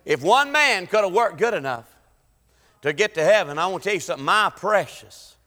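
A man preaching an impassioned church sermon, rising to shouts. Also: high voice, expressive, brisk. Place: church sanctuary. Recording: long church hall reverb.

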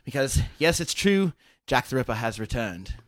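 A man voicing a stern older male police inspector with a put-on lower-class British accent, near Cockney, briefing new recruits. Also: sing-song, moderate pace, lightly acted. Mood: commanding. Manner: brusque, commanding briefing.

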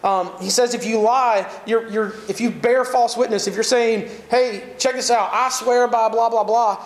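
A man with a Southern American accent preaching a sermon, animated and conversational, with jokes and asides to the congregation. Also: very high-pitched, normal speed, roomy sound. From Southern United States. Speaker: pastor.

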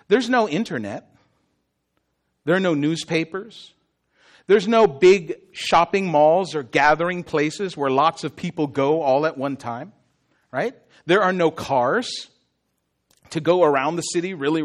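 A male pastor preaching a sermon in an animated, conversational way, often asking his listeners questions. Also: sits high.

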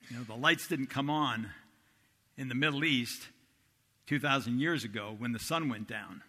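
A male pastor delivers a sermon with bright, pressing energy and a slightly husky edge. He tells the story with lively acted-out voices. His voice rings through the long reverb of a large hall. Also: mid-range voice, normal speed. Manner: animated storytelling, acts out disciples' voices.

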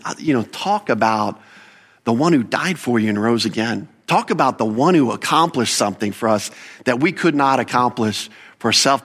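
Male pastor, mid-pitch voice, lively animated sermon delivery with sharp upward jumps for emphasis. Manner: animated preaching, rising pitch on emphatic points, asides and self-corrections.

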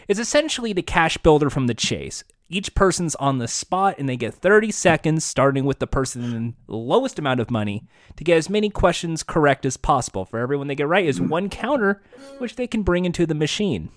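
A man co-hosting a casual chat with a lively, fairly high voice that swoops up and down as he talks. He explains things in a chatty way and sounds close and dry, with no room echo. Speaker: podcast co-host.

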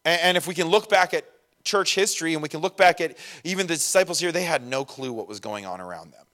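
A young man preaching a sermon in a casual, animated way, acting out quick voices of the people in his story. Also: on the high side. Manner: animated, acts out voices of disciples and Jesus. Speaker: pastor.

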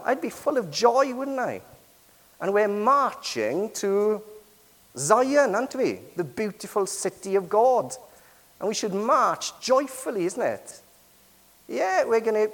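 A man delivers a sermon in a fairly high voice, with a long reverb trailing behind him in the hall. He rises and falls for emphasis and keeps asking the listeners tag questions. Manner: lively, rising and falling emphasis. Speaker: preacher.

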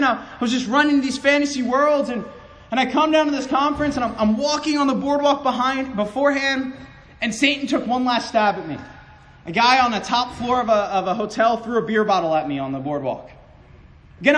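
Impassioned high-voiced man preaching. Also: rough recording. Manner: impassioned, stammering restarts, swings from loud to hushed. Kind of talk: sermon testimony.

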